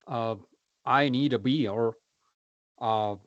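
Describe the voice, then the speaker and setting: A man from Ukraine, a guest chatting casually in halting English full of fillers. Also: mid-range voice, expressive, dry recording, lo-fi sound. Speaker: guest, soldier blogger. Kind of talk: casual livestream chat.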